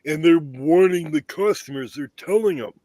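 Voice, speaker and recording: A man's voice: on the high side, moderate pace, dark tone, no room sound. A man in casual political chat, indignant and swearing about prices and cuts. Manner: indignant, profane.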